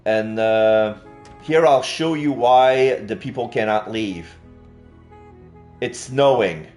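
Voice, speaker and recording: A man talks through a game on a live stream, slowly and unhurriedly. He pauses often, restarts his sentences, and fills the gaps as he thinks aloud in casual, friendly commentary. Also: on the low side, a little mellow, faint music behind. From Quebec. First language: French. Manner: slow, halting, many fillers and restarts.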